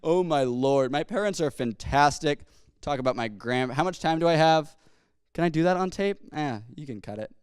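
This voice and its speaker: Lively young man doing stand-up. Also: fairly high pitch, normal speed, smooth, no echo, clean studio sound. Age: young adult. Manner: rambling, self-interrupting storytelling. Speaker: stand-up comedian. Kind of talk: stand-up comedy set. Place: comedy stage. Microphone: handheld stage mic.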